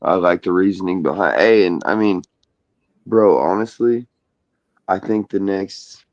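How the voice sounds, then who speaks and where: A man's voice: sits low, unhurried, darkish tone, no echo, highs cut off. A man joining a livestream by call, chatting in a laid-back, joking way. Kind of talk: casual livestream chat.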